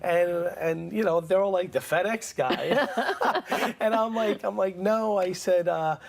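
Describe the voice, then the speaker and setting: A man's voice: high voice, normal speed, gravelly. A man telling stories as an interview guest, acting out the people he quotes. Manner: animated storyteller acting out quotes. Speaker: guest, writer-director-producer. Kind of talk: casual storytelling interview.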